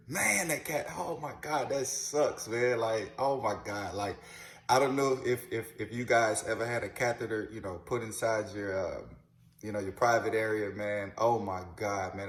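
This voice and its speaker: A man in his thirties from New Orleans, telling his own story casually to camera, with lots of "you know" and "man" and repeated words. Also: lowish voice. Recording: roomy echo.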